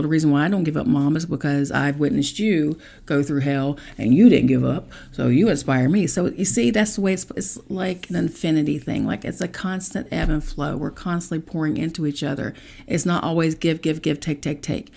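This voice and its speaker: A woman's voice: low-pitched, vocal fry. A middle-aged woman hosting a spirituality podcast, talking bluntly and with plenty of profanity in a casual motivational monologue. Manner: blunt, profane, animated storytelling. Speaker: podcast host.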